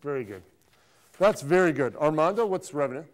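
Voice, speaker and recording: A man's voice: a little high, lively intonation, brisk. A middle-aged man lecturing an accounting class, playful and teasing, quizzing students and repeating his praise. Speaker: accounting professor.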